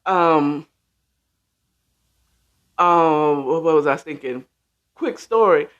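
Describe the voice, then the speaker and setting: A man's voice: fairly high pitch, slow, a bit bright, dull audio. A middle-aged man from the Washington, D.C. area hosting a casual livestream chat, rambling and talking straight to his viewers with plenty of ums. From Washington, D.C. area (born in D.C., raised in Maryland). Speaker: host.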